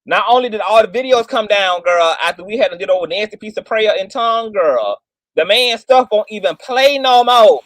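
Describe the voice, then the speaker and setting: A man's voice: high voice, expressive, a little fast, fairly bright tone, no room sound. A man hosting livestream commentary in a sassy, theatrical way, peppered with "girl" and "child". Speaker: commentary channel host.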